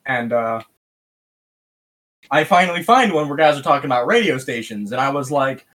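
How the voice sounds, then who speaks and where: A man from West Michigan, a podcast guest telling a story in a lively, profane way and acting out the voices of people he quotes. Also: mid-range voice, moderate pace. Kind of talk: casual storytelling.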